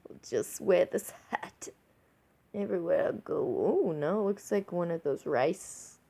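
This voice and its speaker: A woman's voice: medium pitch, mellow. A tipsy woman vlogging in a casual, rambling way, giggling often between her words. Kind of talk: casual rambling chat to camera.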